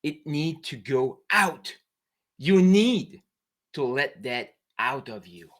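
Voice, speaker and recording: A man with a French Canadian accent, a native French speaker, giving a fervent, halting monologue as an entrepreneur coach on a late-night live stream. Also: fairly high pitch, expressive, a bit bright. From New Brunswick, Canada. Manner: emphatic, fervent, halting non-native English with broken phrasing.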